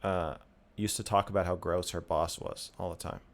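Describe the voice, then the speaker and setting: A man with a low voice talks bluntly and casually as a guest, often trailing off into a quiet mutter. He retells past conversations in a plain, matter-of-fact way. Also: steady tone, normal speed.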